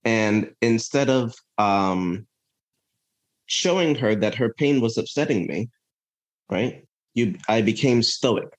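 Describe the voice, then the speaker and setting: A man's voice: lowish voice, lively intonation, slow pace, pauses often. A man as a podcast guest, telling a personal story in an earnest, reflective way, often checking in with "right?" and restarting his sentences. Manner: earnest, thinks aloud with frequent "right?" and restarts.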